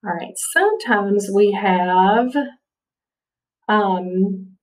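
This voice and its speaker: A woman's voice: mid-range voice, steady tone, unhurried, a little mellow, far from the mic, rough recording. A woman teaching a spelling lesson, patiently sounding out words and checking in with her students often. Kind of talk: spelling lesson over slides.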